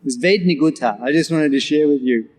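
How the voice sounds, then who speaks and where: Man, scripture lecturer, slightly high voice, slow repeated verse lines, animated explanations, long hall reverb. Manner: repeats verse lines slowly, then explains them in English; animated, with occasional laughter. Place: large temple hall.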